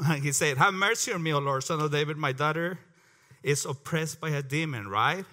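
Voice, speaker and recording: A man leading a prayer and then teaching a Bible passage, earnest and repeating words as he goes, clearing his throat often. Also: a little high, normal speed, bright, forceful tone. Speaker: preacher.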